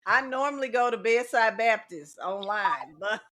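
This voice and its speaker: A middle-aged woman talks in a relaxed podcast chat. Her voice is bright and sits a little high. She speaks with emphasis and comes back to the same phrases to drive her points home. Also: measured pace. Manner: emphatic, repeats key phrases. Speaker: teacher and guest. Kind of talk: casual podcast conversation.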